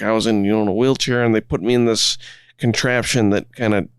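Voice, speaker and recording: A man, a guest, telling stories in relaxed conversation, often restarting his phrases. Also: on the low side, a little fast, smooth, no echo. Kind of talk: conversational storytelling.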